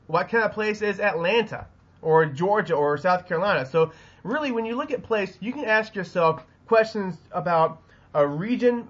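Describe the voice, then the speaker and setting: A man's voice: on the high side, a bit bright, muffled recording. A man with a Southern US accent giving a recorded geography lesson, rambling with lots of ums and restarts. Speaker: teacher. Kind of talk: recorded classroom lecture. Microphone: webcam.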